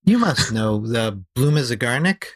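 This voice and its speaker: A man talking as a podcast guest about storytelling. He explains in an animated, lively way and slows down to stress his key ideas. His voice sits at an average pitch, and the recording is close and dry. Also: no echo. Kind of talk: conversational podcast interview.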